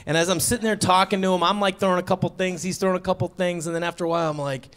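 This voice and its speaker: A man doing a stand-up comedy set on stage, acting out the people in his stories with sudden high, squeaky voices. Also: steady tone, very fast, fairly bright tone, smooth. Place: theater stage before a live audience.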